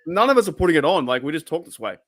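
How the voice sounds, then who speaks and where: A man with a broad Australian accent rattles along at a quick clip. His talk is blunt and jokey, the easy banter of a mate on a live stream. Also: a little high, very animated, fairly bright tone, no echo, studio quality. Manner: joking, blunt. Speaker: co-host. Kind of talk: casual live draft chat.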